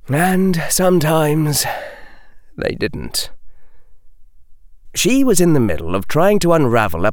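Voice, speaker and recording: A man narrating a storybook with expressive reading that slows down for dramatic stresses. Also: on the high side, no echo, clean studio sound. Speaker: audiobook reader.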